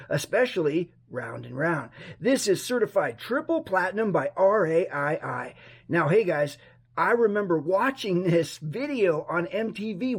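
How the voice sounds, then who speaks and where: Hoarse, chatty man vlogging. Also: high voice. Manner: chatty, rambling, self-talk. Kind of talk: casual home vlog. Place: room at home. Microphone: action camera on a mini tripod.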